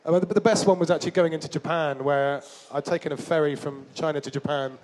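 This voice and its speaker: A traveller and author, interviewed about his overland journeys, tells rambling, self-deprecating stories packed with fillers and restarts. His voice is a little high and a little mellow, with fairly even intonation, and he talks fast. It's a casual storytelling interview.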